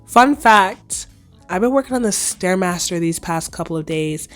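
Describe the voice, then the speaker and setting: A young woman in her twenties hosting her own podcast, casually chatting in a slightly hoarse voice, playful and full of slang. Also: lowish voice, lively intonation, moderate pace, faint music behind. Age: 20s. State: hoarse, recovering lost voice. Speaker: podcast host. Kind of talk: casual solo podcast chat.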